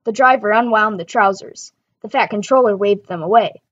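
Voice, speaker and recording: A woman narrating a children's railway story in a brisk, lively way. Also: medium pitch, husky, no room sound, highs cut off. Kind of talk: storybook read-aloud. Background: background music.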